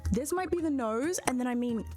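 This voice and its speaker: A woman's voice: sits high, animated, fairly quick, darkish tone, faint music behind. A woman streaming a game, chatting casually in a bubbly, giggly, gushing way. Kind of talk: casual live-stream chat.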